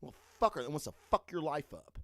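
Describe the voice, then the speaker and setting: A man's voice: fairly high pitch, sing-song, fast, no echo, clean studio sound. A man hosting a podcast who delivers a profane, emphatic motivational rant and keeps checking in with "okay?" after his points. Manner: asks "okay?" and "all right?" after points. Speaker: podcast host.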